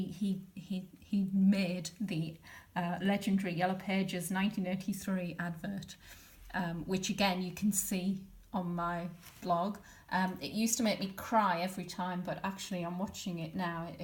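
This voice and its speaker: A woman's voice: medium pitch, echoey room. A woman chatting casually and wryly, explaining a stitched diary with lots of ums and uhs. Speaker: textile artist explaining her stitched diary.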